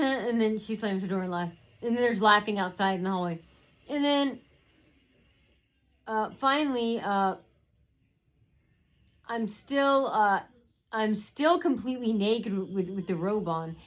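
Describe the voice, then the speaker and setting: A woman's voice: medium pitch, unhurried, pauses often, rough recording. A woman telling a personal story in a rambling way, with many fillers and restarts.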